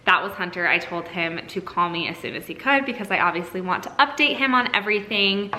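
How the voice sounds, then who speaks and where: Young mom vlogger talking to camera. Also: female voice, medium pitch, lively intonation, brisk, bright, forceful tone, slight background noise, rough recording. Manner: open and emotional, sweet singsong when talking to her kids. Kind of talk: casual vlog chat to camera.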